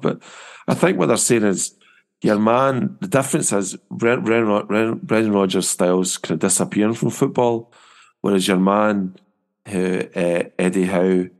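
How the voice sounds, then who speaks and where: A man's voice: lowish voice, darkish tone. A man hosting a casual football podcast, rambling and chatty with frequent restarts. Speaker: podcast host.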